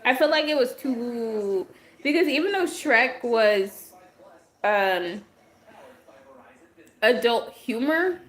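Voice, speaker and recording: This woman's voice is slightly high and a bit bright, with lively intonation, a slow pace, and long pauses. She's hosting a relaxed livestream, addressing viewers directly and replying to their comments as they pop up, while her voice fades from the extended talking.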